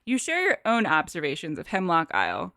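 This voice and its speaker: A woman playing a cooperative board game on a stream, who reads the story text and chats in a giggly, animated way. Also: lowish voice, a little fast, no room sound, studio quality. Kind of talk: casual game stream chat and narration.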